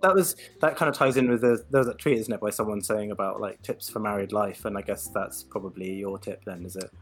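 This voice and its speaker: A man's voice: fairly low pitch, slightly rough, soft background music. A man co-hosting a podcast, chatting casually and jokily. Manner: quick, jokey. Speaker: podcast co-host. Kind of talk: casual chat.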